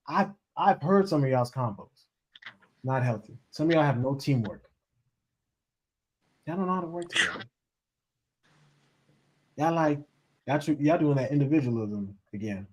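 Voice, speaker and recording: A man's voice: mid-range voice, fairly quick, long pauses. A man giving a casual motivational talk as a relationship coach, talking straight to his audience and acting out the voices of people he quotes. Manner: animated, acts out quoted voices, addresses audience as y'all.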